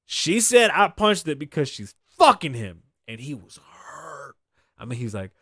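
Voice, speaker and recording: A man from Boston with a slightly high voice hosts a casual solo show. He reads news items aloud and riffs on them in a blunt, profane way. The sound is dry and close to the mic. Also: lively intonation, normal speed, sharp tone, slightly rough, no echo. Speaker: show host.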